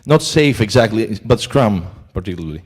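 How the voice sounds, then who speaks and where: A man's voice: on the low side, expressive, moderate pace, a little mellow, slightly rough. A man with a Greek accent giving a talk at a conference, hesitant and full of filler sounds. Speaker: conference speaker. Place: conference hall.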